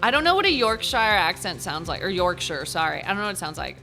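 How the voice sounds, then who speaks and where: A woman's voice: fairly low pitch, very animated, quick pace, sharp tone. A woman streamer joking and chatting casually while she plays and reads a game aloud. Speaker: gaming streamer. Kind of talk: casual gameplay commentary. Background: game music.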